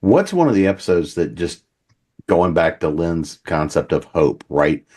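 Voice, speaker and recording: Low-voiced guy hosting a con panel, easygoing, keeps tossing questions to the others. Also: unhurried, slightly rough. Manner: relaxed, leading questions and calling on panelists. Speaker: panel host. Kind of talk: convention panel discussion.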